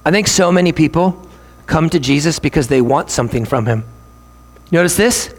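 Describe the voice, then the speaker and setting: Brief: male preacher, high voice, emphatic sermon delivery, hall reverb. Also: sing-song. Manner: emphatic, repeats key lines slowly. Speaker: pastor.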